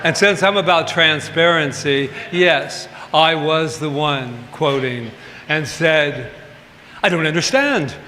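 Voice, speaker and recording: Male pastor, fairly high, bright voice; candid, joking sermon delivery; church hall reverb. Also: slow pace. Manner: chatty and candid, with humorous asides. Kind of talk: informal sermon. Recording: reverberant hall, faint ambient noise.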